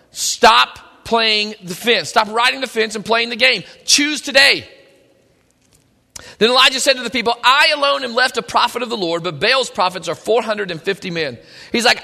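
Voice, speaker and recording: A man's voice: extremely high pitch, gravelly, sharp tone, long reverb tail. A man preaching a sermon, reading scripture and retelling it in casual modern speech.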